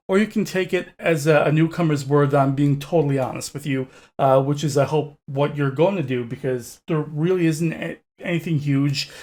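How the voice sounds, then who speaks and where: A man's voice: a little high, a little mellow. A man reviewing a gadget at home in a casual, candid way, often hesitating with fillers and restarts. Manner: candid and chatty. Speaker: tech reviewer. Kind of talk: casual unscripted product review. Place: home room with wall panels.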